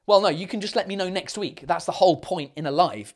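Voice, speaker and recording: A man's voice: high-pitched, fairly quick, hardly any pauses. A man hosting a casual live stream, rambling bluntly with lots of fillers and the odd swear while answering viewer questions.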